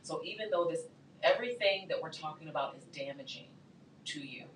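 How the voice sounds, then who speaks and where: Low woman's voice, calm explainer; roomy, noisy, distant mic. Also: a little fast. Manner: explaining, uses simple comparisons. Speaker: guest speaker. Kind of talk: casual studio discussion. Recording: echoey studio, mic at a distance, faint hum.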